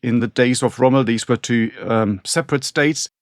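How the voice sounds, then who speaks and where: A man's voice: mid-range voice, normal speed, no echo, studio quality. A man, a podcast co-host chatting casually about history in a rambling way with frequent restarts. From northern Germany. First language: German. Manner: rambling, many restarts and asides.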